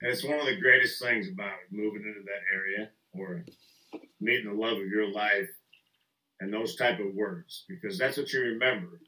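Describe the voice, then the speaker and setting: Swearing middle-aged man, bright echoey voice. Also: on the low side, normal speed, far from the mic, a little hiss or hum. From Midwest US. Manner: profane, rambling, laughs a lot. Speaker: podcast host. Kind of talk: casual chat. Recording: echoey room, off-mic.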